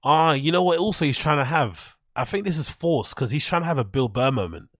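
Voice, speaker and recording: A man's voice: a little high, expressive, brisk, background noise. A man hosting a show, giving casual, blunt and dismissive commentary on clips. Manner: blunt, dismissive, says "cringe" a lot. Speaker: host reacting to clips.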